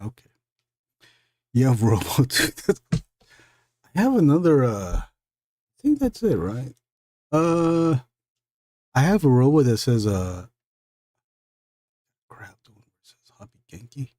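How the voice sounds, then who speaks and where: A man's voice: mid-range voice, sing-song, slow, pauses often, a little mellow. A man hosting a live stream, chatting casually and rambling, with frequent fillers and laughs. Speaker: live stream host and illustrator.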